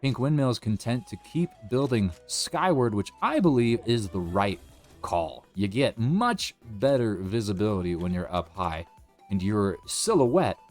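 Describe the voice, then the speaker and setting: A man's voice: a little slow, faint music behind. A young man streaming a video game, chatting and joking as he commentates, with a habit of goofy voices. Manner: chatty and jokey, with excited high outbursts; does goofy put-on voices. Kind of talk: live gameplay commentary.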